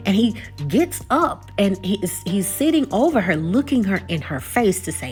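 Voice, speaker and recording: A woman's voice: mid-range voice, sing-song, moderate pace, few pauses, faint music behind. A young woman giving a casual, conversational recap and review of a TV episode. She repeats words and keeps checking in with her listeners.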